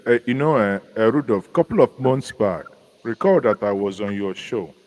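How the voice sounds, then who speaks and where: A man from Nigeria with a Nigerian accent, chatting as a guest commentator in a casual live discussion, musing and halting with many restarts. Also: lowish voice, animated, a little mellow, poor audio. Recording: faint background noise.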